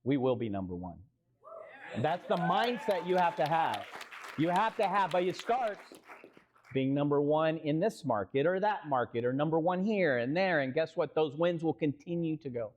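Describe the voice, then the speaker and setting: With slight background noise behind him, a Texan man with a slightly high voice talks at normal speed. He's a real estate company co-founder on a live stage panel, telling a business story animatedly, acting out quotes and questioning the crowd.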